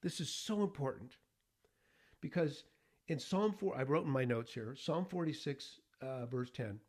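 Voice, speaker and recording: A middle-aged man hosting a devotional podcast, speaking earnestly and with deep feeling, at times choking up with emotion. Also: animated, a little slow, darkish tone. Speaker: podcast host.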